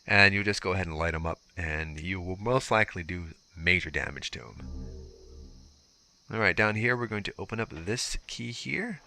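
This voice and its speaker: A man's voice: low voice, animated, moderate pace, vocal fry, sharp tone. A young man giving casual, explanatory walkthrough commentary over gameplay, with filler words as he goes. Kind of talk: let's play walkthrough commentary.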